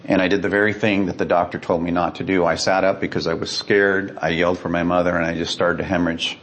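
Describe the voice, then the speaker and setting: A man's voice: sits low, little pitch movement, fast, fairly bright tone. A man from the United States, a guest earnestly and dramatically retelling a personal story, acting out the voices of the people in it.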